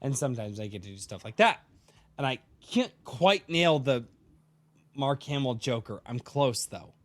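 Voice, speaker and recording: A man's voice: mid-range voice, animated, moderate pace. A man hosting a casual podcast chat, rambling and swearing freely, a bit tipsy from drinking. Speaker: podcast host.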